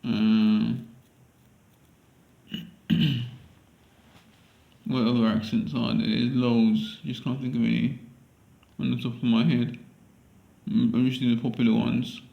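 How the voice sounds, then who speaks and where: A man's voice: medium pitch, little pitch movement, slow pace, gravelly, pauses often, echoey room, lo-fi sound. A man with a London accent recording a casual audition at home, hesitant and repeating himself as he muses aloud.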